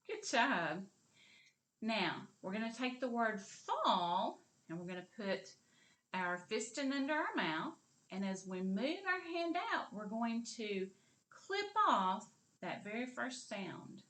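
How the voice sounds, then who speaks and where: A woman teaching a literacy lesson to young children, slow and encouraging, with sing-song teacher talk and drawn-out sounds. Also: fairly high pitch, sing-song, a bit bright. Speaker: kindergarten teacher. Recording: echoey room.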